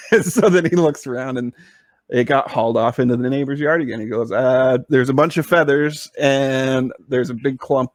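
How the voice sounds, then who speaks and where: A man's voice: mid-range voice, normal speed, no room sound, clean studio sound. A man co-hosting a podcast, telling a long casual story, full of fillers and restarts. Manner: rambling, with many fillers and restarts. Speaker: podcast co-host.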